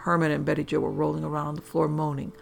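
A storyteller reading a dark comic tale in a deadpan, profane way. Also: mid-range voice, very fast, gravelly, soft background music.

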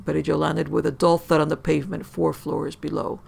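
A storyteller reading a dark comic tale in a deadpan, profane way. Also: medium pitch, a little fast, gravelly, few pauses.

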